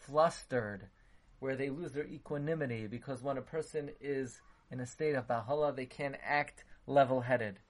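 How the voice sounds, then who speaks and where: Man giving a lecture. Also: on the high side. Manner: dense with Hebrew and Yiddish terms, acts out dialogue. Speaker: rabbi teaching Torah. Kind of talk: Torah lecture.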